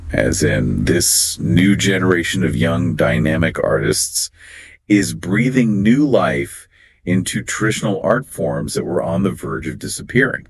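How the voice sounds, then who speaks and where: A man with a very deep, husky voice co-hosts a scripted English exam lesson. He explains phrases and pronunciation emphatically. The sound is close and dry. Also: no echo. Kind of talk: scripted two-host lesson dialogue.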